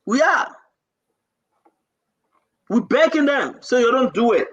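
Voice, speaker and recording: A man's voice: extremely high pitch, very animated, slow pace, fairly bright tone, lo-fi sound. A man with a Liberian English accent, hosting a live talk show and pleading his case with passion and repetition.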